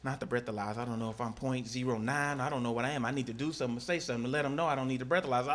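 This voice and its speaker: A man from Texas doing a stand-up set on a club stage, telling animated stories and acting out the voices. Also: mid-range voice, rapid-fire, few pauses, a little hiss or hum. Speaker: stand-up comedian. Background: audience laughter.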